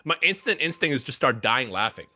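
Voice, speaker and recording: A young man playing on a stream, animated and laughing as he tells a story to chat. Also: medium pitch, fairly quick. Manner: animated, laughs mid-sentence, addresses chat. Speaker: guest player on a stream. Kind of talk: casual chat while gaming.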